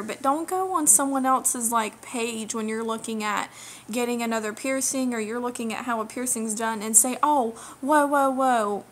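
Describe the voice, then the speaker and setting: A woman's voice: fairly high pitch, a bit bright. Indignant young woman ranting to camera. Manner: indignant, emphatic, lecturing, repeats key phrases. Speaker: vlogger. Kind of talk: direct-to-camera rant.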